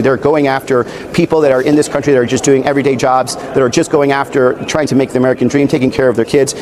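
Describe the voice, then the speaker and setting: A man's voice: medium pitch, a little mellow. A male senator answering interview questions earnestly, with filler uhs and restarts, recorded outdoors. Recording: interview clip with crowd noise behind.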